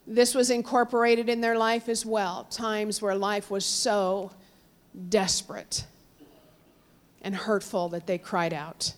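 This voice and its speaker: A woman preaching a sermon, telling a story with sudden swings between raised cries and hushed, low passages. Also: clean tone. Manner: storytelling, dramatic swings from loud cries to hushed near-whispers; quotes figures in raised voices, drops low and soft on God.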